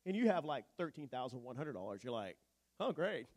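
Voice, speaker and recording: A male pastor preaching a sermon in an animated, joking, conversational way. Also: medium pitch, fast.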